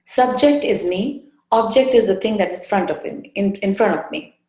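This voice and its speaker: A woman spiritual teacher giving a devotional talk with guided meditation, soft, unhurried and gently coaxing, often repeating her phrases. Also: medium pitch, lively intonation, roomy sound, poor audio. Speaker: spiritual teacher leading a satsang. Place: indoor room.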